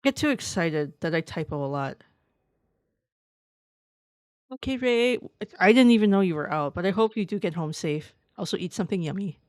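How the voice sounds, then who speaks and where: A woman streamer chatting casually with her viewers, excitable and quick to laugh. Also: on the low side, dry recording, studio quality. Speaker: live streamer. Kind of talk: casual live-stream chat reading viewer messages.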